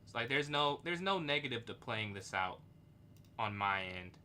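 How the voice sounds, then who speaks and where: A man's voice: mid-range voice, normal speed, slight background noise. A young man streaming chess live, thinking aloud about his moves and answering chat. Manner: thinks aloud, reads chat, excitable outbursts.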